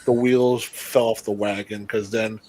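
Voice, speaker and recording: A man co-hosting a casual wrestling chat show, blunt and quick to swear, laughing often. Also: fairly low pitch, level tone, darkish tone, low-quality recording. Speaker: podcast co-host.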